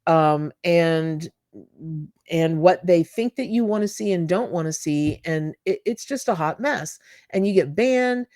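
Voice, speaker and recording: A woman's voice: on the low side, unhurried, darkish tone, dry recording. Emphatic woman, dry close sound. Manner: emphatic and repetitive, talks straight to viewers. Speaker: tarot reader and channel host. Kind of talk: casual spiritual monologue to viewers.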